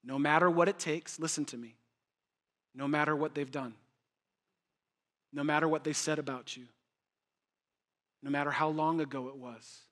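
Guy pastor preaching, punchy and chatty, kinda high bright voice. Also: fairly even intonation, moderate pace, long pauses. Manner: emphatic, repeats phrases for effect; conversational, jokes with listeners. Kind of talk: sermon.

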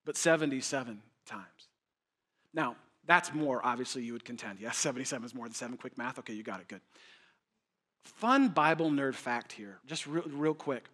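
A man's voice: mid-range voice, normal speed, sharp tone. A man preaching a sermon as pastor, emphatic and conversational, repeating phrases for effect and joking with his listeners.

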